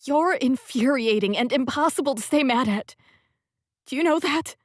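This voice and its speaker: A woman reading the part of an emotional young woman, fiery and on the edge of tears, whose voice climbs high and pleading. The sound is close and dry, with nothing of the room behind it. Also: expressive, moderate pace, no room sound. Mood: tearful. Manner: high, pleading, tearful outbursts. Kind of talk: audiobook dialogue reading.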